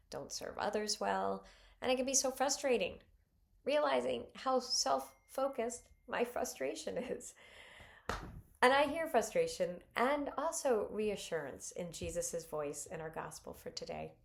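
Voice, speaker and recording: A middle-aged woman giving a spoken scripture reflection, expressive and earnest, acting out quoted voices with sudden lifts. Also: lowish voice, vocal fry.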